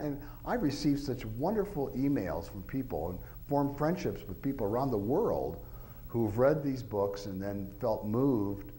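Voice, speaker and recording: A man's voice: medium pitch, expressive, moderate pace, warm tone, slight background noise, rough recording. A man, an author, giving an informal talk to an audience, rambling through anecdotes with lots of filler phrases and acting out quoted voices.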